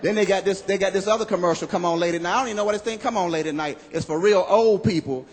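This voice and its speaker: A man performing a stand-up comedy routine on stage, animated and loud on his punchlines, acting out other people's voices. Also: sits high, rapid-fire. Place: comedy club stage with live audience. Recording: live hall recording with audience.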